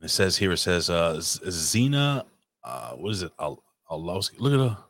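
Man, very deep voice, crude blunt teasing host, dry close mic. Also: very animated, moderate pace, a bit bright, no echo. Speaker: podcast host. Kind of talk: crude casual chat.

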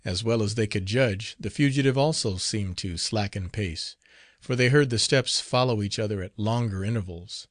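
A man narrating a classic novel in a measured, formal storytelling manner. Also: on the low side, no room sound, studio quality. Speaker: audiobook narrator.

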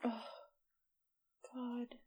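A woman's voice: fairly high pitch, completely flat delivery, very slow, warm tone, breathy edge. A woman co-hosting a podcast, chatting casually and emotionally about a book, full of "like" and trailing thoughts. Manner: emotional, gushing, with many fillers. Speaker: podcast co-host.

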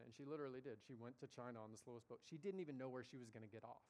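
A man preaching a sermon as a story, conversational and animated, acting out the voices of the people in it. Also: medium pitch, racing, hardly any pauses.

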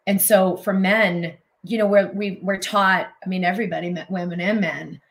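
A woman's voice: medium pitch, fairly even intonation, moderate pace. A woman speaking in a flowing, effusive way during a casual conversation. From United States. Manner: emotional, effusive, flowing speech.

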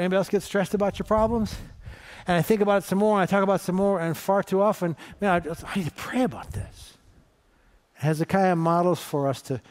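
A man's voice: high voice, clean tone. A middle-aged man from northeast Ohio preaching a sermon in a conversational, storytelling way, asking the congregation questions. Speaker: pastor.

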